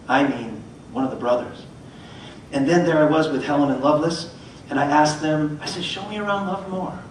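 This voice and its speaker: On stage, a middle-aged motivational speaker tells a story, animatedly acting out the voices of its characters. His voice is fairly high, and the mic picks him up from far off in an echoey hall with slight background noise.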